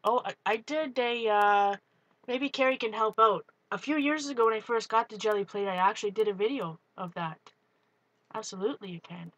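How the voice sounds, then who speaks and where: A woman hosting a live art stream, chatting excitedly as she works and greets viewers. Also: mid-range voice, brisk, dull audio. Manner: excitable, talks while working, greets viewers. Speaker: art livestream host. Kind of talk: live crafting demo, chatty.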